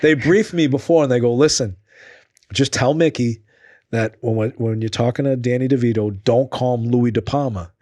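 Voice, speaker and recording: A man's voice: medium pitch, moderate pace, a little mellow, dry recording, studio quality. A man hosting a podcast, telling stories animatedly, swearing and acting out quotes. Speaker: podcast host. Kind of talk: casual storytelling interview.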